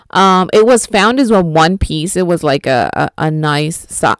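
A woman's voice: lowish voice, clear, resonant tone, dry recording. A woman giving an informal Bible history lesson, talking conversationally with fillers and self-corrections. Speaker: Bible teacher. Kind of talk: informal teaching talk.

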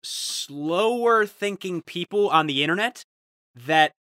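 A young man hosts a casual podcast and rants in mock outrage, with a bright, fairly high voice. The sound is dry and close, with no room heard. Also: lively intonation, takes it slowly, no room sound. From Ohio. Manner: ranting, mock-outraged, jumps into quoted voices. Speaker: podcast host.

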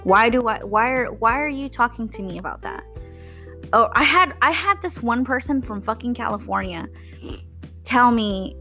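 A woman's voice: a little high, animated, normal speed, pushed and bright, faint music behind. A young woman from Texas hosting a podcast, ranting about customers in a blunt, profane, sarcastic way. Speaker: podcast host. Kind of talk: casual rant.

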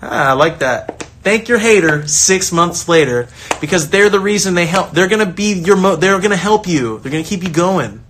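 A man talks in a loose, motivational style, full of energy and quick restarts. His voice sits a little higher than most men's. He often slips into acted-out voices of the people he quotes. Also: lively intonation, fairly bright tone, a little hiss or hum. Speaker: soccer coach and online creator. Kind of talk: casual motivational talk.

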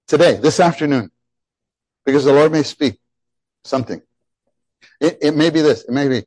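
A man's voice: fairly high pitch, normal speed, pauses often, dry recording. Emphatic middle-aged man preaching a sermon. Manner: animated, emphatic, repeats phrases. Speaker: pastor.

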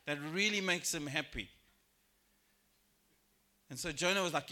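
A man preaching a sermon in church, lively and expressive, acting out biblical characters in raised voices. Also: measured pace, long pauses. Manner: animated, acts out quoted voices with rising pitch and volume. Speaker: pastor. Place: church sanctuary.

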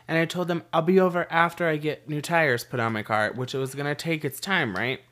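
Bright-voiced man telling a story. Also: on the high side, brisk. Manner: profane, animated storytelling. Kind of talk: casual chat among friends.

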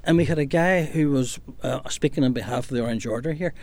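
A man's voice: medium pitch, fast talker, a little mellow. A man from Northern Ireland leading a casual discussion, telling long stories with frequent fillers.

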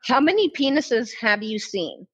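A woman's voice: fairly high pitch, very animated, unhurried, husky, dull audio. A young adult woman hosting a podcast in casual chat, giggly and full of fillers. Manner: chatty, giggly, lots of fillers. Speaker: podcast host.

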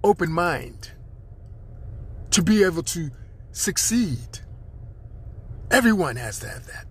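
A man's voice: high voice, big pitch swings, takes it slowly, a bit bright, slightly rough. A man hosting his own podcast, delivering a rambling spiritual monologue with preachy, chanted repetitions. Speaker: podcast host.

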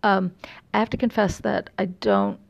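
A woman's voice: medium pitch, very animated, normal speed, vocal fry, lo-fi sound. A middle-aged woman from California with a slight Texas drawl, chatting casually and rambling with lots of fillers and self-deprecating asides. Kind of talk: casual chat.

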